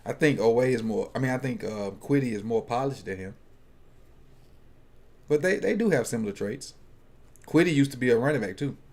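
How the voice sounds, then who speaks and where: A man chats loosely with friends while watching a football draft, joking and working through picks out loud. He often restarts and trails off mid-sentence as he thinks. His voice sits at an ordinary middle pitch for a man. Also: animated, fairly quick, creaky, long pauses. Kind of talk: casual chat.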